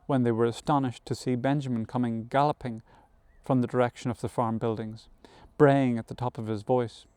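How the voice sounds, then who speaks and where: Man, audiobook narration, measured storytelling, smooth resonant voice, dry close recording. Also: medium pitch, fairly even intonation, a little mellow, dry recording. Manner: measured storytelling with occasional self-corrections. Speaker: audiobook reader. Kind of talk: scripted narration of a novel.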